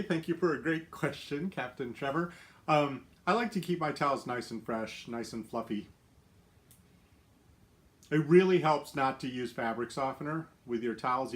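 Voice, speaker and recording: A middle-aged man chats on a home live stream in an easygoing, upbeat way. He giggles often and leans on fillers as he rambles through household tips, in a voice of ordinary pitch for a man. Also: fairly bright tone. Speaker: lifestyle livestream host. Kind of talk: casual live-stream chat.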